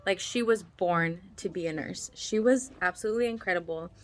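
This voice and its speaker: A woman's voice: lowish voice, normal speed. A woman, a mother, casually telling a personal story to the camera. She talks in a chatty way, full of "like" fillers, and often acts out the voices of the people she quotes.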